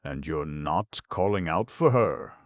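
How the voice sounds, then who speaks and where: A man's voice: extremely low pitch, expressive, a little slow, no echo, clean studio sound. A man voicing a majestic, venerable old stag who asks grave questions in a storybook reading. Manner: grave, probing.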